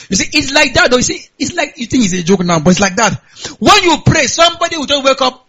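A Nigerian man preaching a sermon as a pastor, animated and punctuated with hallelujahs. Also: very high voice, fast, few pauses.

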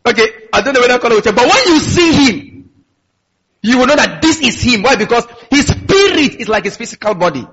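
A man's voice: very high voice, sing-song, fairly quick, fairly bright tone, breathy edge, dull audio. A man preaching a sermon in an emphatic style, with call-and-response asides to his congregation. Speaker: pastor.

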